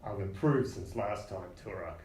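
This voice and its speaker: A cold, smug mercenary who makes calm, clipped threats, as a man voices him. The low voice is heard in a roomy recording with a faint hiss. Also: normal speed, lightly acted. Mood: menacing. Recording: roomy echo.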